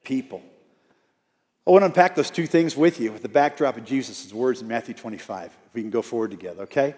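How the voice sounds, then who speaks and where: A man's voice: medium pitch, fast, a little mellow. A man, an outreach minister, preaching a storytelling sermon in a church and coaxing the congregation to repeat lines back to him. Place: church sanctuary. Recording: church hall with long reverb.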